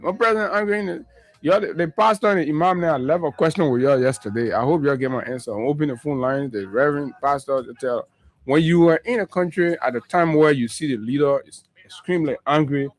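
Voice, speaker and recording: Man, morning show host, political commentary, emphatic, rhetorical questions, somewhat high voice.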